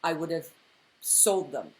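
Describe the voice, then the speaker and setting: A woman co-hosting a casual recap chat, animated, often exclaiming and acting out scenes. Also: low voice, measured pace. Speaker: podcast co-host.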